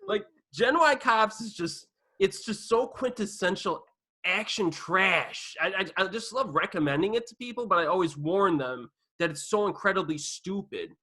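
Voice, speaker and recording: A man hosting a casual movie discussion, talking in an enthusiastic, joking way with quick asides. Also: high voice, lively intonation, bright, forceful tone. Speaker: podcast host.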